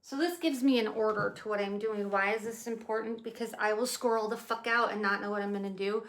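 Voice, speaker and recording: A woman's voice: mid-range voice, fairly even intonation, fairly quick, a bit bright. Chatty woman in her fifties, echoey room. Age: 50s. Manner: chatty, rambling, swears casually. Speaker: vlogger. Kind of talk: casual day-planning chat.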